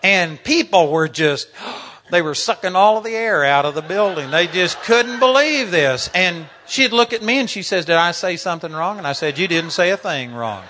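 Bright high-voiced preacher in his sixties. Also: normal speed, slight background noise. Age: 60s. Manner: animated storytelling, laughing through anecdotes. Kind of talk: sermon.

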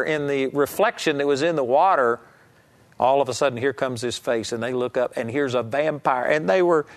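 A man's voice: a little high, animated, moderate pace. A man preaching a televised sermon in a conversational, emphatic teaching manner, with asides to his viewers.

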